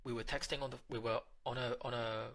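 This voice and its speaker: A man's voice: mid-range voice, fairly even intonation, fast, vocal fry, a bit bright. A man hosting a dating advice channel, talking straight to the listener in a direct, coaching monologue and now and then acting out little scenes.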